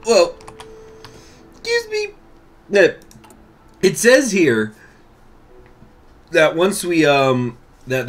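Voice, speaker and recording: A man giving casual let's-play commentary on a strategy game, thinking aloud, with hiccups, coughs and throat clearing. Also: mid-range voice, fairly bright tone. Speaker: gaming YouTuber.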